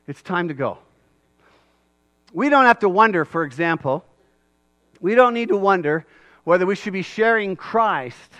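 A man preaching a sermon as a pastor, animated and acting out voices with rising shouts. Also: high-pitched, dry recording.

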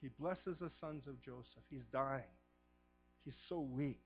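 A middle-aged man preaching a sermon as pastor, fervent, swinging from a hushed voice to shouting. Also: mid-range voice, a little slow, lo-fi sound, soft background music.

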